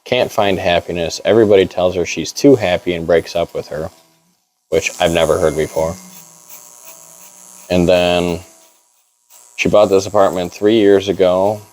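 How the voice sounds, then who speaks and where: A man's voice: deep voice, steady tone, normal speed, pauses often, darkish tone, low-quality recording. A young man casually telling a long story in a barbershop, laid-back and full of "like". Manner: rambling, laid-back, heavy on "like".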